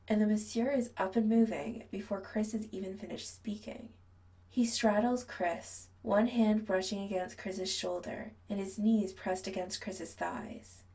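A woman narrates a story in a low, hushed reading that keeps slipping into a whisper. Her voice has a gravelly, mellow texture. She sits a little back from the microphone. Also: far from the mic, rough recording. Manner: soft, hushed reading that often drops to a whisper. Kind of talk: scripted narration.

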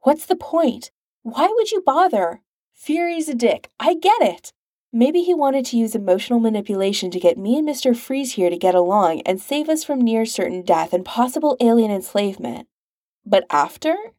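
A woman reading a manic, sarcastic billionaire man, needling and incredulous, pitched up above her own voice. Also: animated, fairly quick, dark tone, no echo, studio quality, close to an everyday voice.

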